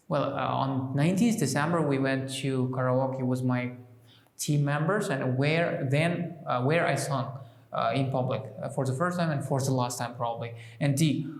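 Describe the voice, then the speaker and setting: A man walks through a textbook lesson as a teacher, pausing often with fillers and restarts. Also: mid-range voice, echoey room. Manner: hesitant, many restarts and fillers. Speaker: English teacher.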